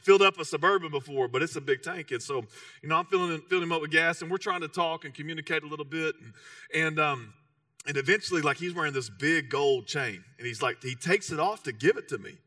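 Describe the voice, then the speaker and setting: A man's voice: on the high side, fast talker, bright, forceful tone, no echo, clean studio sound, distant mic. A man in his thirties from Texas with a Texan accent, preaching a sermon as a casual, self-mocking story full of "you know". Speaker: pastor.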